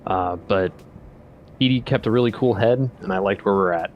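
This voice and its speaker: A man's voice: fairly low pitch, normal speed. A young man answering post-game interview questions as a coach, brief and a little hesitant. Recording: muffled lo-fi call audio.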